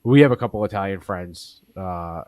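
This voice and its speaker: A man's voice: sits low, normal speed, darkish tone, no echo. A man co-hosting a comedy podcast, telling rambling, profane stories in crude, casual banter. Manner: profane, rambling storyteller, trails off mid-sentence. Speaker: podcast co-host.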